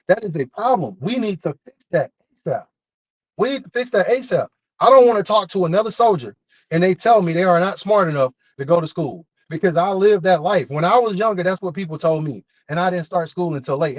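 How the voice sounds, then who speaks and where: A man's voice: high-pitched, dry recording, dull audio. A man who is an army non-commissioned officer gives a motivational talk, earnest and repetitive, preaching the value of education.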